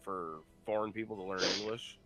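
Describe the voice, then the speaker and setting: A man's voice: on the low side, brisk, over music. A man co-hosting a casual podcast chat, crude and joking, swearing a lot. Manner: crude, profane, animated joking. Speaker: podcast co-host.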